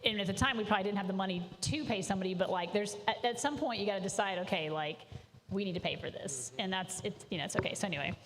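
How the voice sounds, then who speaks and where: A woman's voice: mid-range voice, fast talker, fairly bright tone, in a large hall, slight background noise. A woman, a business founder, reflecting on a lesson learned in a casual chat. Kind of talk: casual storytelling.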